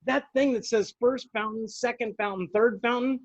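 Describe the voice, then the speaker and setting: A man with a high voice tells stories in casual conversation, playing out the voices of people he quotes. His voice sounds dry and a little dull, with no room behind it. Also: normal speed, dry recording. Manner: animated storyteller, acts out quotes. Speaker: podcast co-host, former dispatcher. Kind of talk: casual storytelling chat.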